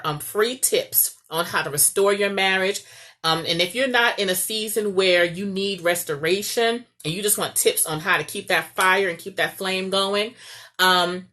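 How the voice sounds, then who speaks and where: A woman's voice: lowish voice, sharp tone. A woman giving casual marriage advice as a coach, chatty and often checking in with "okay?". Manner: chatty, repeats "okay?" to the viewer.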